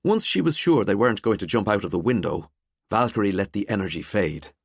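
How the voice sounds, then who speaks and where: Measured male audiobook narrator. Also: lowish voice, very animated, breathy edge, no echo, clean studio sound. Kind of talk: scripted narration.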